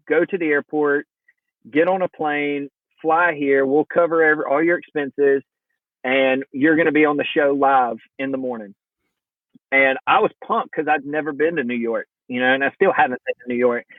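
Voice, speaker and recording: With a mid-range voice and lively energy, a man on a podcast narrates a story casually and performs the quoted lines of its characters. The sound is tinny like a phone line, with no room sound.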